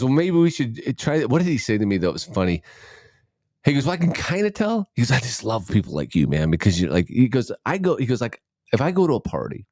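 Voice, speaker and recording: Low-voiced man in rambling podcast chat. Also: darkish tone, dry recording, studio quality. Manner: rambling, self-interrupting, swears freely. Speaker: podcast co-host. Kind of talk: casual chat.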